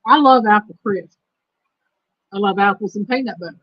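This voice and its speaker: A woman hosting a casual livestream chat, reading trivia questions slowly and repeating them. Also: mid-range voice, no room sound. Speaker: host. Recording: dull lo-fi stream audio.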